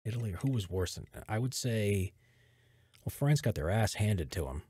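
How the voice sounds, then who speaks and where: A man's voice: fairly low pitch, moderate pace, husky, no room sound. An American man, a voiceover artist, casually explaining his audio setup in a home recording room into a studio microphone, rambling and correcting himself as he goes. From United States. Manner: rambling, self-correcting, relaxed tech talk. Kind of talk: casual behind-the-scenes explanation.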